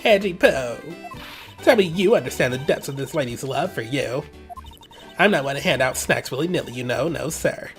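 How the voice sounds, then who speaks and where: A man's voice: medium pitch, lively intonation, moderate pace, soft background music, close to an everyday voice. A man voicing a nagging, lovestruck old woman who talks dramatically while reading game dialogue. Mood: gushing. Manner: whiny, gushing, dramatic.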